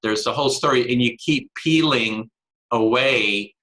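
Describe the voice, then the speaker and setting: A man hosting a conversational interview, talking in a halting way with many restarts and fillers. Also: mid-range voice, sharp tone, rough recording. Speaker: interview host.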